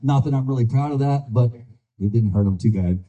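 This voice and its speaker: Older male candidate, folksy earnest stump speech, very dark husky tone, muffled lo-fi sound. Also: medium pitch, fairly quick. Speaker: political candidate. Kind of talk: campaign speech.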